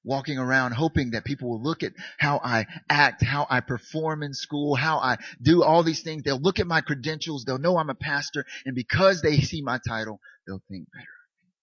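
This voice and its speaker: A male pastor delivering a sermon in a relaxed, candid style that pokes fun at himself. His voice is bright and forward with a husky grain. The sound is dry and a little dull. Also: on the high side, moderate pace, hardly any pauses, dry recording. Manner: candid, self-mocking, conversational preaching.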